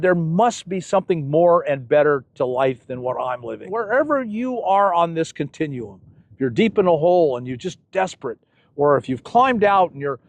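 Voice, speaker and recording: A man's voice: fairly high pitch, lo-fi sound. An older man in a casual interview, telling stories in a folksy way and acting out the voices in his anecdotes. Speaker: channel host being interviewed.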